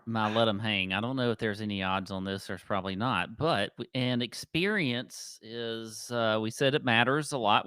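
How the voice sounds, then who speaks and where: A man's voice: medium pitch, bright, forceful tone, no echo, studio quality. A man co-hosting a casual golf betting podcast, easygoing and hedging, with plenty of ums. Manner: easygoing, hedging, filler-heavy. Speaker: podcast co-host.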